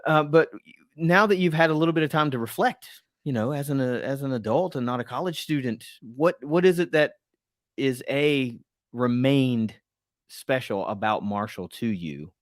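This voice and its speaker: A man's voice: mid-range voice, moderate pace, dry recording, studio quality. A middle-aged man hosting a casual podcast interview, friendly and rambling in his questions. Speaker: podcast host.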